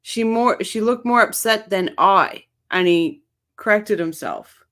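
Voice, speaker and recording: A woman hosts a live review of a court clip. She drops in brief asides and welcomes viewers by name between the clip's lines, her voice at an average pitch. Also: slow pace, fairly bright tone. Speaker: host reviewing a trial clip. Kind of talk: live commentary over a clip.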